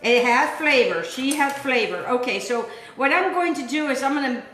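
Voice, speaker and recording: A high-pitched woman hosts a casual cooking demonstration, talking in a chatty, rambling way and repeating her words. Her voice rings with the echo of a roomy kitchen. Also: expressive, moderate pace, fairly bright tone, faint music behind. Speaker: cooking show host.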